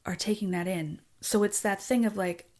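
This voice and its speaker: A woman songwriter and author in a candid personal conversation, talking frankly and emotionally, swearing, with halting restarts. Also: mid-range voice, steady tone, darkish tone.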